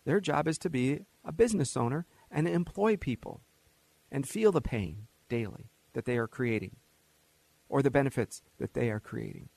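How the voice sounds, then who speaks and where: A man hosting a talk radio show, giving an opinionated monologue in an animated, mocking way. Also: medium pitch, normal speed, creaky, no room sound. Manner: animated, mocking, acts out quoted voices with laughs.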